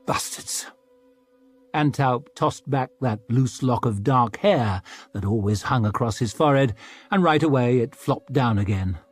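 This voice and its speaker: A man narrating an audiobook in a measured, even storytelling manner. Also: medium pitch, soft background music. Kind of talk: scripted narration.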